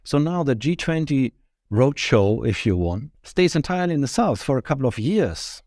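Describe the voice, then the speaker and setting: A man speaking as a guest in an interview, giving measured, point-by-point explanations as a think tank director. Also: mid-range voice, big pitch swings, a little mellow, no echo, clean studio sound. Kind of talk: podcast interview answers.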